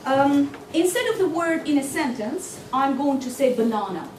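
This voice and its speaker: A woman training teachers in a workshop lecture, lively and constantly quizzing her audience with quick questions. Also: sits high. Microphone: distant mic. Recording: echoey hall from far off, noisy.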